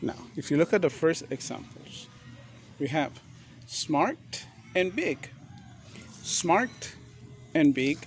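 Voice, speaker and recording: Man, English teacher, slow careful delivery, slightly high voice, faint music behind. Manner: slow and deliberate, repeats and spells out words. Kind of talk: grammar lesson.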